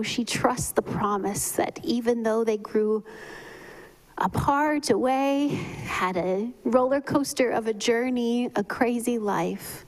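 A woman preaching a memorial sermon in a slow, measured way, often dropping to a whisper. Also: on the high side, low-quality recording. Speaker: pastor giving a eulogy.

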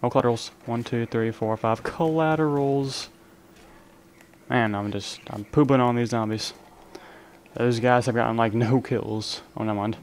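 A young man talking through a round of an online zombie game in a relaxed, joking way, counting his kills and ribbing the random players beside him. He leans in close to his desk microphone so his voice carries over the game. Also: mid-range voice, normal speed, a little hiss or hum. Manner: casual, joking banter at other players. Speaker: gaming channel host. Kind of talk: live gameplay commentary. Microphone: desk microphone, leaning in to be heard.

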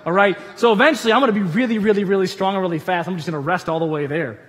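A man, a pastor, giving a conversational sermon in a church auditorium with animated storytelling and humorous asides. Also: high voice, very fast, hardly any pauses, big-room sound.

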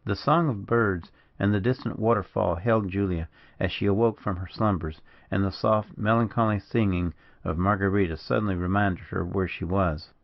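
A man reading a novel aloud as an audiobook narrator in steady, measured narration. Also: lowish voice, vocal fry. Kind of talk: scripted narration. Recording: dull lo-fi recording.

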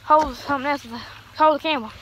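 A woman's voice: high-pitched, very fast, fairly bright tone, dull audio. Breathless young woman in a cornfield. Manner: chatty, rambling, talks to viewers. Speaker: vlogger. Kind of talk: casual vlog. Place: outdoors in a cornfield. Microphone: phone held in one hand. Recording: noisy outdoor phone recording.

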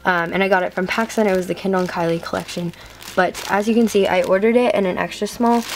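Talking fast at a medium pitch with fairly even intonation, a teenage woman shows viewers around her bedroom. She's a bit out of breath and rambles chattily with many ums, over noticeable background noise.

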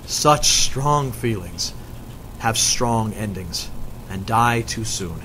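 A man's voice: fairly low pitch, lively intonation, takes it slowly, bright, forceful tone, a little hiss or hum, heavily acted, rough recording. A man reading the part of a cautious, solemn friar who gives advice. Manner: solemn, advising. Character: wise cautious male friar.

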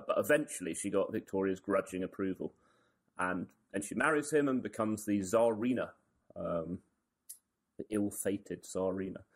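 A man with a lowish voice co-hosts a history podcast. He tells the story in a relaxed way and drops dry jokes as he goes. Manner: wry, joking asides. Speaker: podcast co-host. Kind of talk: casual history chat.

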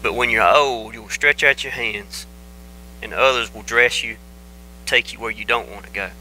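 A preacher voices a calm male teacher who asks his questions softly and with measured care. The tone drops lower and quieter than the preaching around it. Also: a little hiss or hum, poor audio. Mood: gentle.

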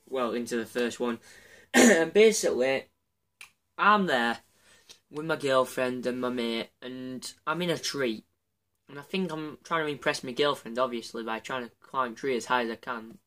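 A man's voice: mid-range voice, sharp tone. A man with a Yorkshire accent telling embarrassing stories about himself on his channel, rambling and chatty and laughing at himself. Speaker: channel host. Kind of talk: casual confessional storytelling.

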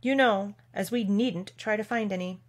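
A woman's voice: mid-range voice, moderate pace, close to an everyday voice. A woman voicing a fussy, pompous old king presiding over a trial in a storybook reading. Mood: musing.

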